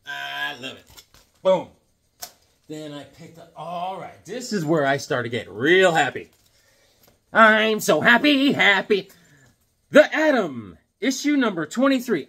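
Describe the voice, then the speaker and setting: Chatty husky man with lively pitch. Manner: chatty, jokey, rambling with fillers and put-on voices in anecdotes. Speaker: comic collector showing his haul. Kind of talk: casual chat.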